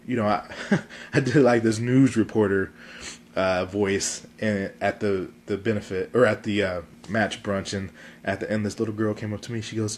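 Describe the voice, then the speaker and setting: A congested man with a fairly low voice rambles casually to his phone camera. His talk is loose and goofy, full of fillers and restarts. There is a faint hiss of background noise behind him. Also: fairly even intonation, normal speed. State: congested, sore throat. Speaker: vlog host.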